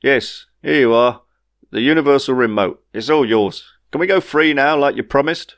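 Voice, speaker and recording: A man's voice: medium pitch, moderate pace, no room sound, pitched above the performer's own voice, lightly acted. A man voicing a gloomy, despairing man who talks in a whiny, sorrowful way in a storybook reading. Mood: dry.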